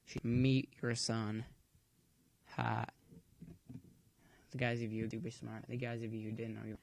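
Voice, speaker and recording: A man's voice: lowish voice, completely flat delivery, unhurried, vocal fry. A man giving a casual coding tutorial at home, chatty and rambling, filling the waits with corny jokes. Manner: chatty, cracks corny jokes while waiting. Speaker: tutorial maker.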